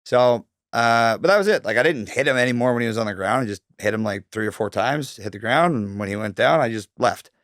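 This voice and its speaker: A man's voice: mid-range voice, expressive, brisk, few pauses, fairly bright tone, dry recording, clean studio sound. A man from Canada in his thirties, talking casually as a guest, swearing often and filling his speech with likes and ums. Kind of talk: casual storytelling interview.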